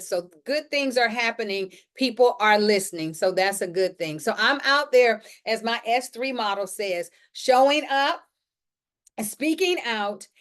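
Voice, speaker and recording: A woman's voice: mid-range voice, a bit bright. A woman hosting a publishing Q&A live stream from her home, talking in an upbeat, motivational way and often repeating her phrases. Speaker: host of a publishing Q&A show. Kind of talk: casual live-stream talk. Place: indoors at home.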